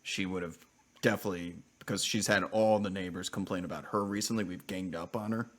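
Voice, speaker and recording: Deep-voiced man telling a rambling story. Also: fairly quick. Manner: rambling, animated anecdote with self-interruptions. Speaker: live streamer. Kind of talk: casual storytelling chat.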